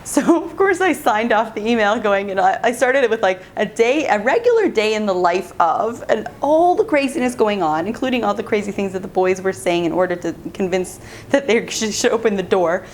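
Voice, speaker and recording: A woman's voice: medium pitch, lively intonation, brisk, a little hiss or hum. A middle-aged mother telling a family story casually and animatedly, laughing often. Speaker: parenting vlogger, mother.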